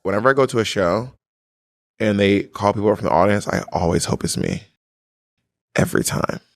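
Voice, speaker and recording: A man talking casually as a guest, an animated storyteller who acts out what others said. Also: on the low side, fast, no room sound, clean studio sound. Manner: animated storyteller, slips into quoted voices. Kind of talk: casual chat.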